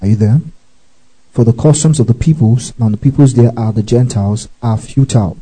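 A man's voice: mid-range voice, fairly quick, mellow, slightly rough, poor audio. A man teaching a Bible passage verse by verse, often checking that his listeners follow and spelling out Greek words letter by letter.

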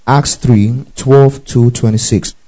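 A man preaches a Bible-teaching sermon in a warm, mid-range voice, slow and fairly even, on a rough recording. He reads scripture aloud, stops to explain it, tells listeners what to underline, and keeps checking they're following.

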